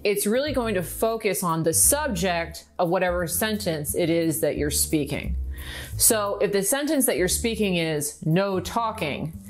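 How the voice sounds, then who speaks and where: A middle-aged woman coaching on manifestation in an upbeat, instructive vlog style, slowing down to stress key words. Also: on the low side, lively intonation, faint music behind. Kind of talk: direct-to-camera teaching vlog.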